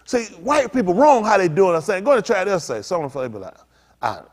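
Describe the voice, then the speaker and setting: A middle-aged male pastor preaches at a quick pace, driving his sermon with stories. His slightly high voice leaps all over, dropping to a low mutter and then bursting out loud. He acts out the voices of people in his stories and repeats phrases.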